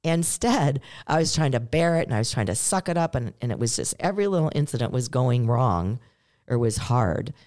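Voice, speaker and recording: A woman's voice: a bass voice, a little fast. Earnest middle-aged woman podcaster. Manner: earnest, storytelling, animated when quoting. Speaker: podcast co-host. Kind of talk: casual chat.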